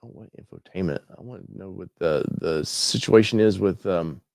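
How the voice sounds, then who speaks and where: A man's voice: low voice, moderate pace, creaky, darkish tone, no room sound, clean studio sound. A man hosting an automotive channel, talking casually and thinking aloud while he browses a website, with many fillers and restarts.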